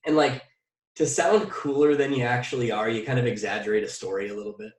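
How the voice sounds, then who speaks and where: A man giving an energetic motivational workshop talk as a mindset coach, putting direct questions to his audience and drilling phrases by repetition. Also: medium pitch, fast talker. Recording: echoey room, distant mic.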